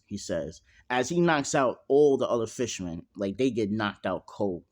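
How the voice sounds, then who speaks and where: Low-voiced young man rambling through a fan story. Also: animated, normal speed, few pauses, darkish tone. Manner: rambling, full of fillers and slang, swears freely. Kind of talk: casual improvised story narration. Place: at home.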